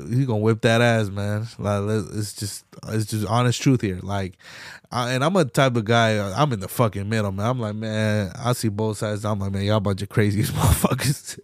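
A man hosting a podcast, delivering a profane, slang-heavy political rant that swings between loud outbursts and low mutters. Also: no echo, clean studio sound. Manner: profane, heated, slangy ranting. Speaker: podcast host.

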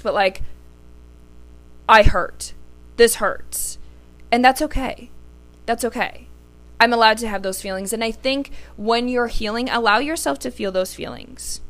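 A woman's voice: mid-range voice, fairly even intonation, normal speed, fairly bright tone, clean tone. A young woman hosting a podcast, talking candidly in a casual, heartfelt way and swearing freely. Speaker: podcast host. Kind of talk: casual solo podcast talk.

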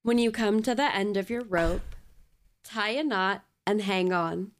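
A woman's voice: mid-range voice, a little slow. A woman guest on a podcast, chatting casually and laughing easily. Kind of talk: casual chat.

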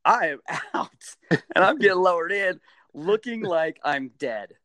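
A middle-aged man telling a story in a casual interview, animated, jumping into high-pitched bursts when he acts out what people said. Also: a little slow, no echo. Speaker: guest, stadium mascot performer.

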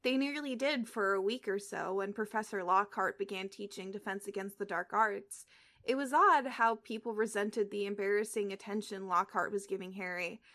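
A woman's voice: mid-range voice, normal speed, bright, forceful tone. A young woman reading a story aloud on a casual podcast, stumbling and restarting now and then. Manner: reads aloud with slips and restarts, breaks off into chat full of "like". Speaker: podcast co-host reading fan fiction aloud.

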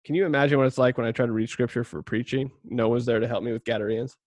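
A chatty male podcast host and former youth pastor, rambling with plenty of fillers and self-mocking jokes. He sits close to a cheap budget mic in a dry, deadened space with no room echo. His voice has a middling pitch. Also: fairly even intonation, fast talker, a little mellow. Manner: rambling, self-deprecating, many fillers and laughs. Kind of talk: casual chat and scripture reading.

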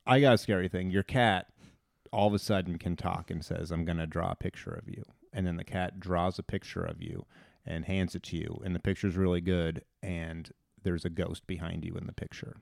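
Deadpan low-voiced man, dry sound. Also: fairly quick, creaky, dry recording. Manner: deadpan, quietly absurd. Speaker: podcast co-host. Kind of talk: casual chat.

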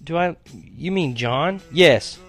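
A man doing a soft, sweet teen girl. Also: on the high side, expressive, takes it slowly, soft background music, pitched above the performer's own voice. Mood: shy. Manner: soft, hesitant. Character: sweet, gentle teenage girl.

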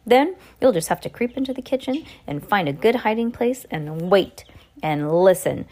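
A woman voicing a loving, brisk elderly grandmother in a measured, motherly storybook voice close to her own. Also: medium pitch, lively intonation, warm tone, natural voice.

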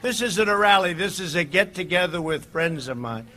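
Rambling rally speaker, sharp bright voice. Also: male voice, high-pitched, animated, normal speed. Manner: rambling, digressive, swings between shouting and muttering. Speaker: political candidate at a rally. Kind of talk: campaign rally speech. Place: outdoor rally.

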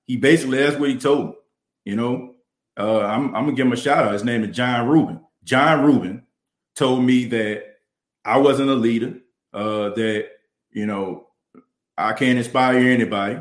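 With a New Orleans accent, this podcast host talks at a moderate pace and fairly even intonation in a mid-range voice, the room noticeably echoey. He goes through viewer chat on his livestream passionately, leaning heavily on "you know," using a studio mic and camera.

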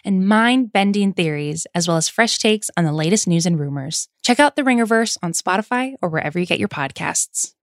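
A woman's voice: lowish voice, expressive, fairly quick, hardly any pauses, no echo. Promo announcer, woman, upbeat scripted read, dry close mic.

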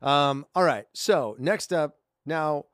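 A man's voice: on the high side, slow, no echo, clean studio sound. A man in his thirties co-hosting a holiday podcast in casual, upbeat chat. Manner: chatty and upbeat, with frequent fillers. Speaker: podcast co-host.

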